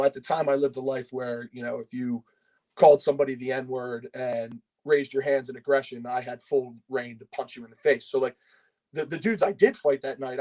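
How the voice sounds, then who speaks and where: A man's voice: mid-range voice, mellow, low-quality recording. A man in his thirties from Pennsylvania, a podcast guest telling a long personal story in casual, rambling talk, swearing freely and leaning on fillers.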